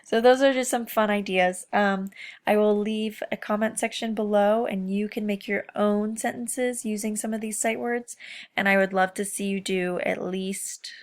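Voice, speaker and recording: A woman teacher giving a remote lesson to young children in a slow, encouraging, sing-song voice. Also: medium pitch, steady tone.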